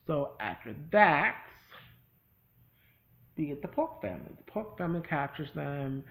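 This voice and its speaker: A man giving a casual, rambling spoken recap of a TV episode, with many restarts and quick acted-out quotes. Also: a little high, sing-song, gravelly, fairly bright tone, low-quality recording.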